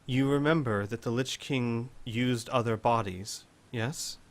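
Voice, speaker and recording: A man voicing a calm, grave noblewoman who explains things quietly in a tabletop game. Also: mid-range voice, unhurried, natural voice.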